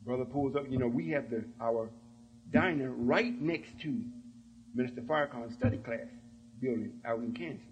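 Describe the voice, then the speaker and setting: A religious speaker delivers an emphatic, sermon-like talk to his followers, often stopping to ask "you see?" to check they follow. His voice is medium in pitch at a moderate pace, and the recording has clipped highs and faint background noise.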